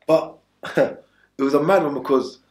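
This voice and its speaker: A man's voice: fairly high pitch, a little slow, a little mellow. A man from England, telling his story as an interview guest in streetwise slang, urgent and repetitive. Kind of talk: candid storytelling. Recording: echoey room.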